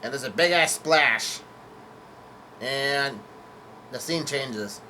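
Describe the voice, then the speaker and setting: A man's voice: mid-range voice, takes it slowly, pushed and bright, a little hiss or hum. A man casually recapping a comic chapter, hesitant, with many fillers, self-corrections and casual swearing. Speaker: manga chapter reviewer.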